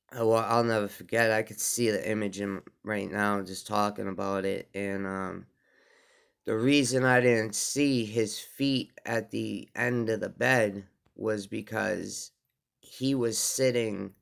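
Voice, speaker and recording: Low gravelly male storyteller, unhurried, halting with fillers, smooth resonant tone. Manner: slow, halting, with many fillers and restarts. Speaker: vlogger telling a personal story. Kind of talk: casual spoken storytelling.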